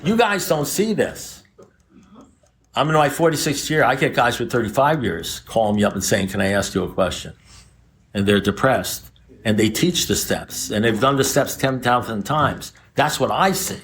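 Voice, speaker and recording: A man's voice: medium pitch, lively intonation, normal speed, fairly bright tone, slight background noise. A man in his seventies speaking to a recovery group, blunt and profane, mixing warnings with jokes. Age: 70s. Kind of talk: recovery meeting talk. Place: recovery meeting room with a group.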